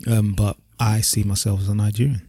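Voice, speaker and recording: A man, co-hosting a podcast in relaxed, reflective casual chat and dropping slang like "bruv". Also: lowish voice, brisk, husky, no room sound, clean studio sound. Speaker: podcast co-host.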